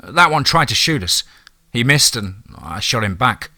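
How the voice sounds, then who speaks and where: A man's voice: medium pitch, very animated, unhurried, bright, forceful tone, no echo, heavily acted. A man voicing a determined teenage boy who speaks urgently and earnestly. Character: determined teenage boy, steady under pressure.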